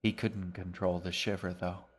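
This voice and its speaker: A man reading his own novel aloud as a podcast, in measured, even storytelling narration. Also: sits low.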